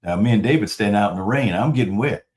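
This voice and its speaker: A man preaching a sermon in a conversational, animated storytelling manner. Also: fairly low pitch, fast talker. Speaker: pastor.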